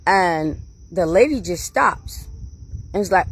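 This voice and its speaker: A woman hosting her own channel, telling stories to her viewers in a casual, animated way, laughing often and calling them y'all. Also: mid-range voice, takes it slowly, pauses often, slight background noise. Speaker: channel host.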